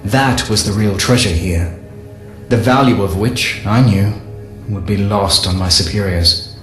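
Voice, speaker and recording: Slow, solemn low-voiced male narrator. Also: fairly bright tone. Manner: measured, solemn and deliberate. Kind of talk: scripted first-person diary narration. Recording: echoey room with faint music.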